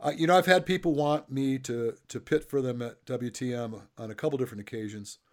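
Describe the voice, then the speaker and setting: A man's voice: mid-range voice, brisk. A middle-aged man interviewing a guest, chatty and fond of telling stories while laughing along. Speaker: interviewer and coach. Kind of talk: casual interview chat.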